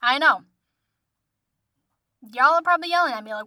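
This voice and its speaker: Bright, chatty young woman telling a story. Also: sits high, fairly quick, long pauses, no room sound. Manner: chatty, animated, lots of fillers. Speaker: vlogger, musician. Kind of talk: storytime vlog.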